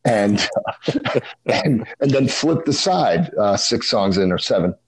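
Husky low-voiced man musing. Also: expressive, poor audio. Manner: thoughtful, halting, with frequent restarts. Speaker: podcast co-host. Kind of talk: casual music discussion.

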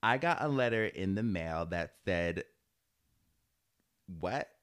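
A woman's voice: very deep voice, animated, slow pace. A woman co-hosting a podcast, chatting casually with her sisters, teasing and laughing often. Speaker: podcast co-host. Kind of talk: casual chat.

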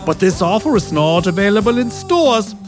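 An actor playing a naive, cheerful man with oddly mangled English, pitching in a mock infomercial. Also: big pitch swings, normal speed. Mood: pitchman. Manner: quirky broken phrasing, sing-song pitch man. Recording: music bed behind.

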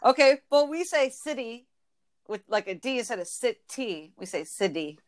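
A woman's voice: high voice, animated, fairly quick. Chatty laughing woman with a Michigan accent. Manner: playful, laughs often, acts out quoted phrases. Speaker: podcast host. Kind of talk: casual chat.

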